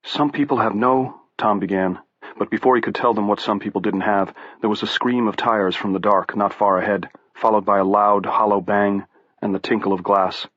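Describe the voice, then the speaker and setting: Low-voiced male audiobook narrator, dry and dull. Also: little pitch movement, brisk, a bit bright, no echo. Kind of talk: scripted narration.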